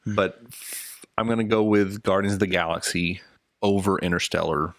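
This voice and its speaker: A man co-hosting a casual film podcast, talking in a halting way with many restarts. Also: low-pitched, fairly even intonation, a bit bright, no room sound. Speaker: podcast co-host.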